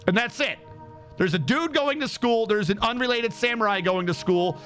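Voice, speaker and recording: A man's voice: high voice, lively intonation, normal speed, fairly bright tone, soft background music. A man streaming live, recapping in a sarcastic, profane, exasperated way. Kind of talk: casual livestream rant.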